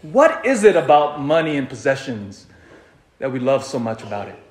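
A man giving a sermon as a priest, animated and full of rhetorical questions, often repeating himself. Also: medium pitch, normal speed, echoey room, slight background noise. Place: church.

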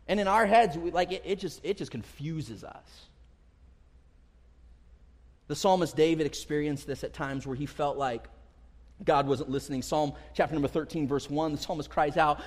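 Preaching at a moderate pace, this pastor in his thirties has a fairly high-pitched voice. He addresses his congregation casually, acting out quotes with rising emphasis, and the church sanctuary adds a long hall reverb.

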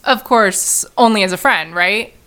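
A young woman in a comedy sketch, playing her own dry, bossy, logical side in a deadpan way. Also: mid-range voice, a little slow. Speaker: comedic performer.

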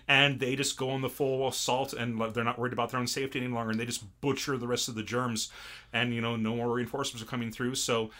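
A man's voice: medium pitch, fast. A man co-hosting a casual podcast, animatedly recapping an anime episode and acting out scenes. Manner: animated storytelling, acts out scenes. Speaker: podcast co-host.

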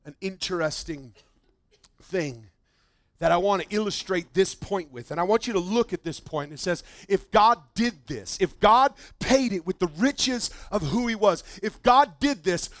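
A man preaching a sermon as pastor in a church, animated, swinging from loud emphasis to quiet asides. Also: sits high, measured pace, dry recording.

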